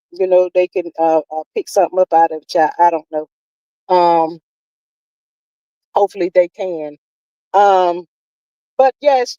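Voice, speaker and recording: A woman's voice: medium pitch, mellow, no echo, rough recording. A woman hosting a casual livestream, chatting with viewers in a folksy way and calling them "child" and "honey.". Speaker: livestream host. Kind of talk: casual livestream chat, reading viewer comments.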